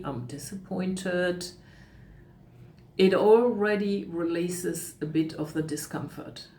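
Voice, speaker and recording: A middle-aged woman speaking as a coach in a calm, reflective way, sometimes acting out the thoughts in someone's head. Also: medium pitch. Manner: calm, reflective, acts out inner voices. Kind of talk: talk on emotional coaching. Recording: echoey room with faint noise.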